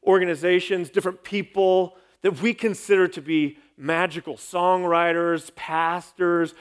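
High-voiced man preaching emphatically. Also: steady tone, a little slow, clean tone. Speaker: pastor. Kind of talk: sermon.

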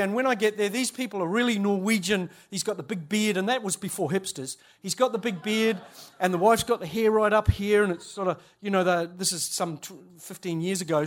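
A man's voice: high voice, fairly bright tone. A man, a church leader giving a humorous storytelling talk at a conference, chatty and self-interrupting, laughing at his own stories.

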